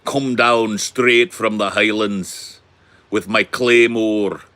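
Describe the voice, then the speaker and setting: A man putting on the voice of a boisterous Scottish Highlander warrior with a Scottish accent, in a hearty, theatrical manner. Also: steady tone, takes it slowly, bright, forceful tone.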